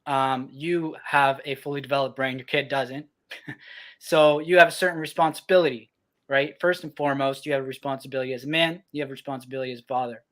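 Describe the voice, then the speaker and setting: A young man, a podcast co-host, talking about fatherhood in a reflective way, often pausing with ums. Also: mid-range voice, fairly even intonation, fairly bright tone. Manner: reflective, many ums and restarts. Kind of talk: casual podcast talk.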